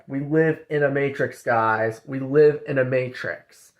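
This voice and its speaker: A man's voice: little pitch movement, takes it slowly, a bit bright, muffled recording. A man ranting casually to his viewers, repeating points over and over and ending phrases with "okay?" and "guys.". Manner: repetitive, says "okay?" and "guys" after most points; mocks others in higher put-on voices. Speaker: vlogger. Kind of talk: casual rant to camera.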